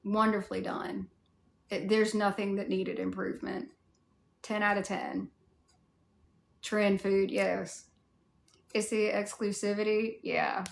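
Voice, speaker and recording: A woman's voice: medium pitch, level tone, slow pace, gravelly, pauses often, echoey room, a little hiss or hum. A woman with a Southern US accent, chatting casually on a livestream and answering viewer comments in a rambling way, full of "like" fillers. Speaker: cosplay streamer answering viewer chat.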